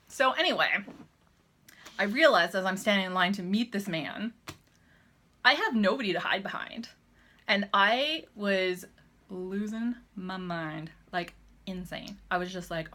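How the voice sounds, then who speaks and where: Animated, chatty Canadian woman vlogger. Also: medium pitch, measured pace, a little hiss or hum. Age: 30s. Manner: chatty, animated, acts out quoted dialogue. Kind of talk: casual storytelling to camera.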